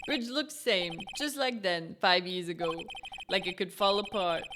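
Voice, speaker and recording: A woman voicing a weary male convict who speaks halting, broken English in an uncertain put-on accent, reading game dialogue aloud. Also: very high-pitched, big pitch swings, noisy background, pitched above the performer's own voice, heavily acted. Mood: mournful.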